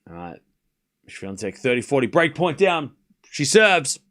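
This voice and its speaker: A man hosting a live tennis watchalong, giving informal play-by-play that rises to excited shouts on big points. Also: mid-range voice, measured pace. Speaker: host calling a live watchalong stream.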